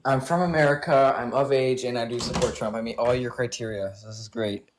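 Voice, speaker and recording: A young man calling in to troll a live stream, loud and playful. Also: medium pitch, fairly even intonation, fairly quick, background noise. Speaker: caller. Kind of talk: casual call-in chat.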